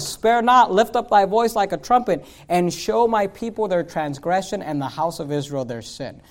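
A pastor preaching a sermon, swinging from loud emphatic lines to quiet asides and reading scripture in slow, drawn-out phrasing. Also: male voice, sits high.

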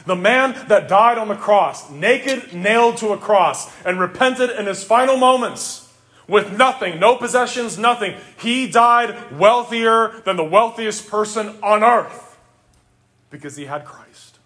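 A middle-aged male pastor preaching a sermon, earnest and emphatic, rising to exclamations and dropping low for quiet reflective asides. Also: expressive, measured pace.

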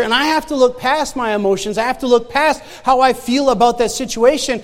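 A man with a notably high voice preaches a sermon, mixing scripture with his own testimony. He talks loosely, restarting and repeating phrases as he goes. His voice rings out with the long reverb of a large hall. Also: moderate pace, few pauses. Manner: conversational, stammering restarts, repeats phrases for emphasis.

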